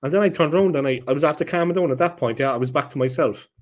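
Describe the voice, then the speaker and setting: A man, co-hosting a casual football chat and telling lively stories, often checking in with "yeah?". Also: fairly high pitch, rapid-fire. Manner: animated anecdote teller, checks in with "yeah?". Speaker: co-host.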